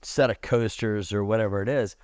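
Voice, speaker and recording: A man's voice: fairly quick, clear, resonant tone, dry recording, studio quality. A middle-aged man, a podcast guest, chatting casually and animatedly, telling stories and acting out the lines of the people in them. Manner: animated, acts out quotes with a raised pitch. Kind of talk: casual storytelling chat.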